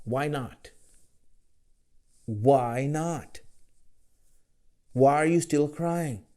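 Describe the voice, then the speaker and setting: A man delivers a religious lecture in a slightly high voice. He speaks slowly and emphatically. He keeps pressing his listeners with rhetorical questions. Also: dark tone. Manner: rhetorical questions, role-plays the listener's replies.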